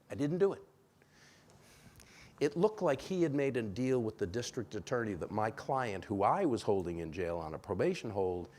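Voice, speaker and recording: A man from Rhode Island giving a relationship seminar in a church, animated and acting out bits of dialogue. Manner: animated, acts out dialogue with sudden pitch jumps. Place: church sanctuary.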